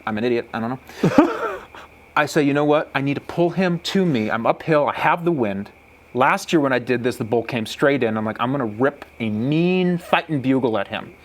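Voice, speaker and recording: A young man telling a hunting story in a casual chat, excitable, laughing often and acting out animal calls. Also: mid-range voice, fairly quick.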